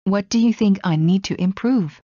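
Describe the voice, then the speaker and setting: A woman slowly reading everyday English phrases one at a time for learners. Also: medium pitch, dark tone, no room sound, highs cut off. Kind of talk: slow scripted phrase reading.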